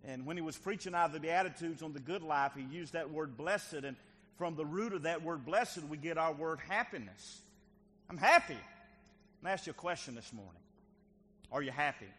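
A man's voice: a little high, a little fast, fairly bright tone, breathy edge. A male pastor preaching a sermon in a church, earnest and repeating phrases for emphasis, with bursts of emphatic delivery. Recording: hall reverb with faint ambience.

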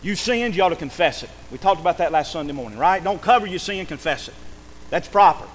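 A man's voice: high-pitched, expressive, brisk, a little hiss or hum, rough recording. A man, a pastor, preaching a sermon emphatically, acting out quoted speech and calling for amens.

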